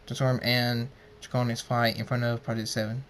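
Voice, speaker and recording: A man narrating an amateur story, halting and stumbling over words as he reads. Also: mid-range voice, flat delivery, very noisy.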